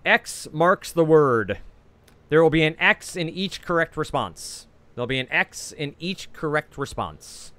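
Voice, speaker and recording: A man with a New Jersey accent hosting a trivia quiz over a video call, reading each clue twice and scoring answers in a brisk, chatty way with frequent "uh"s. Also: fairly high pitch, animated, pushed and bright.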